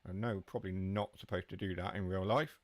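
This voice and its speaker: This man streams a train simulator and talks with his audience in a chatty way, replying to chat while he drives. He has a deep voice with fairly even intonation and speaks a little fast, recorded dry.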